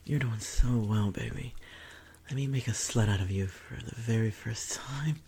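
A woman's voice: very deep voice, normal speed, gravelly, warm tone, slight background noise. A woman voicing a confident, possessive young woman in a whispered role-play, teasing and commanding, often dropping into whispers.

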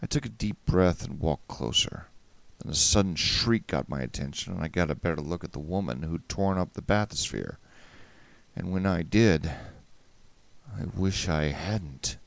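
A man narrating a first-person story in a wry, measured way. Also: sits low, expressive, vocal fry, no echo.

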